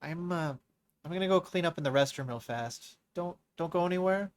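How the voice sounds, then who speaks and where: A man's voice: fairly high pitch, a little fast, voice pushed up, lightly acted. Man putting on a tearful young girl. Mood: teasing. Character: tearful young girl alchemist apprentice, earnest.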